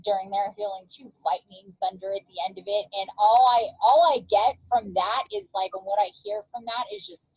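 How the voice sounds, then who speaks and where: A woman's voice: mid-range voice, steady tone, brisk, few pauses, darkish tone, husky, no room sound, low-quality recording. A woman energy healer hosting a casual interview, talking emotionally and laughing often as she rambles. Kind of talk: casual video-call interview. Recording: faint background noise with clicks.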